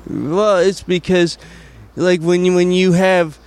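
A man, a comedian guest, talking casually and haltingly, full of fillers and restarts. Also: sits high, little pitch movement. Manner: hesitant, many fillers and restarts. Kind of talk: casual conversation.

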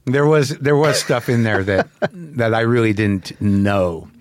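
A man's voice: medium pitch, measured pace, no echo, clean studio sound. A man hosting a casual interview, rambling with lots of restarts and swearing. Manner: rambling, frequent restarts, profane. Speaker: podcast host.

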